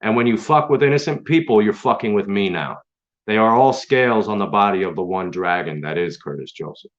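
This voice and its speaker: A man's voice: on the low side, expressive, a little fast. A man hosting his own stream, delivering an angry, profane, confrontational rant straight at his critics. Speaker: online stream host. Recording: dull lo-fi sound.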